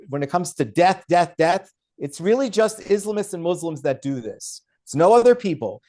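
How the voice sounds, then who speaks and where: A man's voice: sits high, sing-song, normal speed, darkish tone. A man speaking as the guest author on a podcast interview, emphatic and argumentative. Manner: emphatic and argumentative, with mocking quoted voices. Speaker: guest author and law professor.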